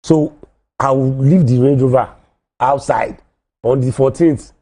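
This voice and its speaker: A man with a Nigerian accent on a studio panel show, speaking in a measured way and repeating his key points. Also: medium pitch, dark tone, breathy edge.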